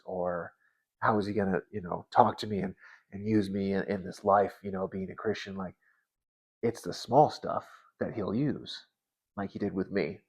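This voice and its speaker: A man in his thirties sharing a personal faith story in an earnest, halting way, often restarting his words. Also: lowish voice. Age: 30s. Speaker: Christian vlogger.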